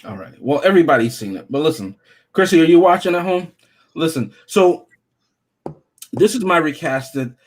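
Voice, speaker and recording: A man with a slightly high voice rambles and jokes through a casual group podcast. He trails off, restarts, and keeps the banter going. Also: animated, normal speed, long pauses. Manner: rambling, joking. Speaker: podcast co-host.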